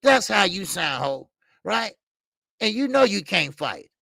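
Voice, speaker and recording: A man's voice: high-pitched, big pitch swings, unhurried, creaky, sharp tone, no echo, studio quality. An older man hosting a boxing show, talking bluntly and profanely in a rambling casual commentary with stammered fillers. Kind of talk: casual live-stream commentary.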